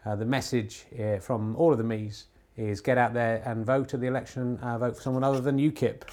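A man hosting a podcast, doing mock snooker commentary at home in a deadpan ironic way, rambling with many filler pauses. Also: mid-range voice. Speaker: podcast host. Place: home TV room.

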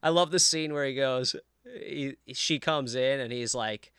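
A man co-hosting a podcast in casual chat, excitable and profane, often acting out quotes. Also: medium pitch, a little slow, smooth, no room sound, clean studio sound. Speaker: podcast co-host.

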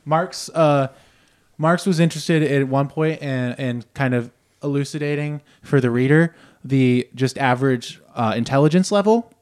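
A man's voice: mid-range voice, moderate pace, darkish tone, clear, resonant tone. A man co-hosting a comedy podcast, talking in a rambling, casual way with lots of fillers. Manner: rambling, full of fillers and laughs. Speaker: podcast co-host.

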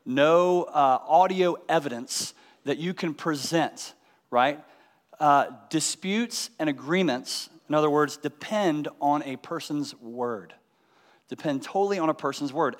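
Male Bible teacher, slightly high voice, long hall reverb, explains and quizzes listeners. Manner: explanatory, asks the audience rhetorical questions. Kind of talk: teaching sermon.

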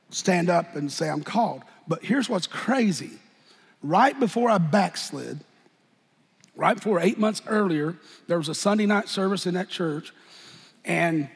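A man preaching a sermon and telling his own story, shifting from shouted bursts to hushed, quiet talk in a folksy way. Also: high-pitched, gravelly, husky. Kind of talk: sermon with personal testimony. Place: church sanctuary. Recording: long church reverb.

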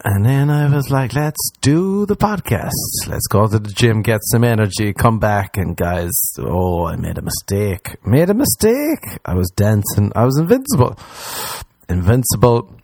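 An Irish man hosting a solo comedy podcast, rambling crudely and mocking himself, his voice leaping up in pitch for jokes. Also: sing-song, normal speed, creaky, a little mellow, slight background noise. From Ireland. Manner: crude, self-mocking rambling with sudden high-pitched jumps. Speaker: podcast host. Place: small room, alone.

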